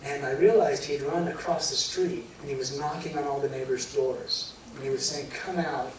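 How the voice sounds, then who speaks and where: A middle-aged man telling an emotional personal story to a live audience, halting and restarting, choking up at times. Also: mid-range voice, fairly even intonation. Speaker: guest telling his near-death story. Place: large hall before a live audience. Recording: very echoey hall, voice from far off, clear room noise.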